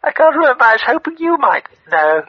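A tearful older caller, played by a woman, gushing and rambling about her feelings. Her voice is high and swoops widely, with a dull, dry sound. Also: big pitch swings, fast, husky, dry recording, heavily acted. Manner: emotional, rambling. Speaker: radio phone-in caller.

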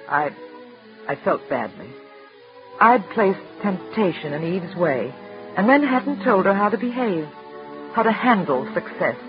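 A composed, firm married woman in an old radio drama, narrating with a crisp, reserved manner. Her pitch moves in a lively way. The sound is dull and muffled, with music playing underneath. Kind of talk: 1940s radio drama acting.

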